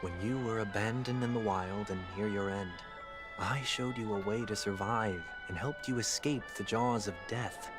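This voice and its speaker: An actor voicing a formal, proud young man seeking atonement, speaking in a measured, orderly way, with music behind. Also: on the low side, fairly even intonation, lightly acted. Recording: game audio with loud music behind.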